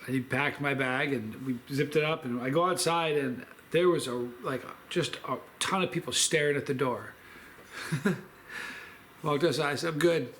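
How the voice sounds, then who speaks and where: A man's voice: a little high, moderate pace, fairly bright tone, a little hiss or hum. A man hosting a food review vlog, telling a long story in a rambling, chatty way with lots of fillers.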